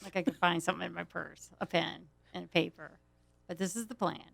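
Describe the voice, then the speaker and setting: A woman's voice: fairly low pitch, steady tone, fairly quick, gravelly, fairly bright tone, dry recording. A woman telling a rambling story in casual chat, laughing often as she goes. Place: small studio.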